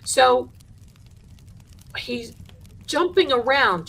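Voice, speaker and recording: A woman hosting a live show, telling a haunted house story with lively energy and acting out the people in it. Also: mid-range voice, measured pace, slight background noise. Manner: animated, acts out the people in her story. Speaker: host.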